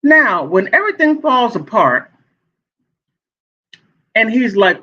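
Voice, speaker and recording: A man giving sassy, animated gossip commentary as a vlogger, laughing often. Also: high-pitched, takes it slowly, pauses often. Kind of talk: casual commentary. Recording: dull lo-fi sound.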